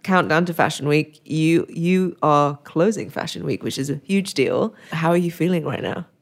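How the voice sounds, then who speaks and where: A woman's voice: sits low, moderate pace, vocal fry. A woman hosting a podcast interview, encouraging her guest with frequent short affirmations. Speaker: podcast host.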